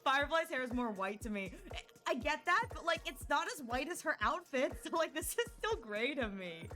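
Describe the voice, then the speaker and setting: A woman's voice: high-pitched, lively intonation, fairly quick, pushed and bright, soft background music. A woman chatting casually on a live stream, giggly and full of "like".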